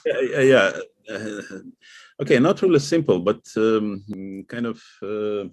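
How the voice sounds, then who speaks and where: Slow, hesitant Russian-accented man. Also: fairly low pitch, dry recording. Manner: hesitant, lots of "uh" and restarts. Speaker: student. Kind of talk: online group lesson. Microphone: video call.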